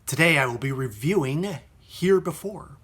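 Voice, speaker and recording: Husky male film critic. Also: a little high, expressive, normal speed, fairly bright tone. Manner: chatty, joking asides. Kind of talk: casual film review.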